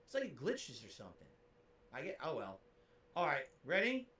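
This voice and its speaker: A man's voice: fairly high pitch, huge pitch swings, normal speed, sharp tone, reverberant. A man livestreaming and reading out tips in a goofy, over-the-top, theatrical manner. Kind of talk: livestream chat.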